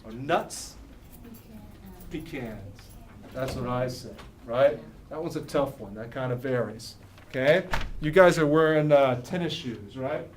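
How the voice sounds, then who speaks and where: A man's voice: medium pitch, moderate pace. A man with a Philadelphia accent teaching a class, constantly asking "okay?" and "right?" as he goes. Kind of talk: classroom lesson. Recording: echoey classroom, mic far off, faint room noise.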